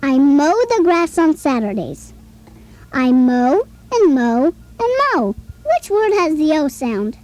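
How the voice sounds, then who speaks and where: A chirpy little boy toy pal on a children's play-along tape, with a very high voice that bounces all over. He talks slowly and carefully, coaxing the listener along with friendly questions. Soft music plays faintly underneath. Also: big pitch swings. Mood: cheerful. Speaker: talking toy companion.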